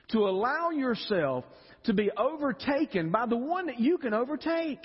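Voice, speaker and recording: A man's voice: very high voice, moderate pace, slightly rough, long reverb tail, highs cut off. A man preaching an emotional evening sermon, often repeating words as he builds. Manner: animated, emotional, repeats words when stirred. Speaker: pastor. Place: church sanctuary.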